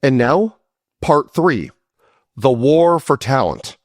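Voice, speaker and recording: A man narrating a history series, reading a script with a conversational touch and casual asides. His pace is slow and measured, and his pitch swings widely for emphasis. The sound is dry and close. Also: sing-song, no echo.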